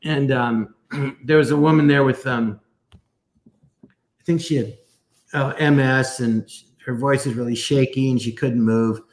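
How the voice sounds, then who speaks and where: A man's voice: medium pitch, steady tone, unhurried, long pauses. A man telling a long story in a casual, rambling way, often restarting his sentences. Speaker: guest. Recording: echoey room.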